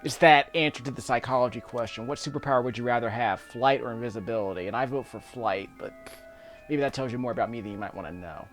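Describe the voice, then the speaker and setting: A man's voice: mid-range voice, fast talker, faint music behind. A man giving casual, rambling commentary while playing a video game, chuckling often between remarks. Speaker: YouTube gameplay commentator. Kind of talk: casual let's-play commentary.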